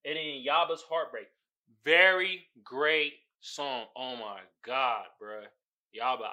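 A man's voice: mid-range voice, sharp tone. A man hosting a podcast, giving a casual, profane album review and laughing often. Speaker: podcast host.

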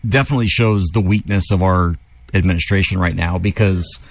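A man's voice: low-pitched, brisk, gravelly. A man co-hosting an opinionated talk show, joking with stammering restarts.

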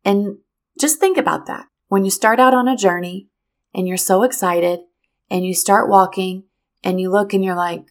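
A middle-aged woman telling a personal story to teachers, animated and speaking straight to her listeners. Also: medium pitch, moderate pace. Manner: animated, addresses listeners directly.

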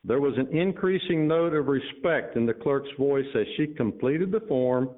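A man's voice: medium pitch, animated, normal speed. A man preaching a sermon to his congregation, mixing earnest exhortation with casual asides, then reading a story aloud. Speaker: pastor. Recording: tinny phone-like sound.

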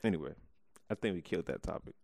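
Gravelly, low-voiced joking man. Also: lively intonation, fast, a little mellow, dry recording, clean studio sound. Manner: joking, laughs often. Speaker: podcast co-host. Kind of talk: casual chat.

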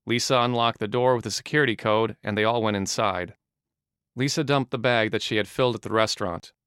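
Guy reading a novel aloud, steady, smooth clear voice, dry sound. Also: fairly low pitch, fairly quick, no room sound. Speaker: narrator. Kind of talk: audiobook narration.

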